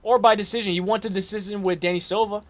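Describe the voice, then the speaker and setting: Talking fast in a high voice, a male streamer keeps things casual, making fight picks with slangy excitement and responding to viewers' comments.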